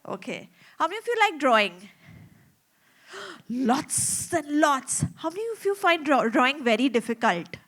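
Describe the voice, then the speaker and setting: A woman's voice: sits high, very animated, quick pace, hardly any pauses, a bit bright. A woman telling a story to young children in a small theater, chatty and asking them lots of questions.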